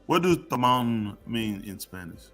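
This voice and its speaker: A man's voice: medium pitch, expressive, unhurried, a bit bright, faint music behind. A man co-hosting a podcast in comedic casual chat, teasing his guest and bursting into laughter. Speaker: podcast co-host.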